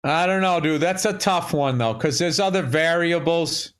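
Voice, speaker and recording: Middle-aged man, podcast co-host, slightly high voice, animated and profane storyteller. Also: moderate pace, clear, resonant tone. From Massachusetts. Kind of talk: casual chat.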